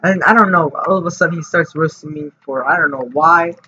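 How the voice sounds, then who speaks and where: This vlogger's voice is a little high, pushed and bright, and he talks fairly quickly. He rambles through a story in a loose, casual way, stumbling over fillers and starting sentences again, on dull lo-fi audio with a faint hiss of noise.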